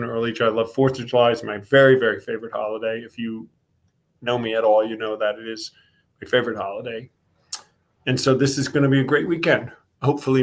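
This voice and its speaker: A Northeastern American man hosts a relaxed online talk show. He chats loosely, rambles a little, and greets viewers one by one in a medium voice. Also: mid-range voice. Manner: chatty, greets viewers by name. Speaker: host. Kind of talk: casual online show chat.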